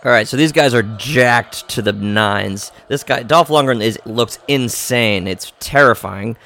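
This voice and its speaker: A podcast host giving live, jokey reaction commentary while watching a film, often exclaiming and gasping. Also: male voice, medium pitch, unhurried, gravelly, fairly bright tone. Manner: jokey asides.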